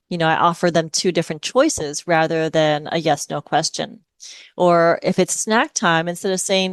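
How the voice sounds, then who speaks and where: A woman's voice: lowish voice, normal speed, clear, resonant tone, no room sound. A middle-aged woman from Hawaii, a speech-language pathologist, patiently explaining strategies in a podcast interview. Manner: patient, explanatory, models phrases in a lilting parent voice.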